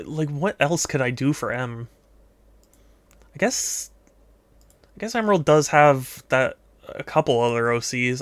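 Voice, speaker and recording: A man's voice: mid-range voice, dry recording. A man streaming while he draws requests, chatting casually and rambling, often laughing and trailing off in thought. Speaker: streamer taking art requests. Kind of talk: casual live-stream chat while drawing.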